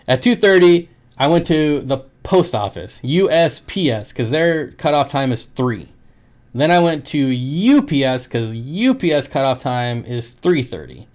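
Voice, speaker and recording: A man's voice: mid-range voice, expressive, unhurried, darkish tone. A man who sells aquarium fish, chatting casually on his livestream, joking and laughing often. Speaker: aquarium fish seller and streamer.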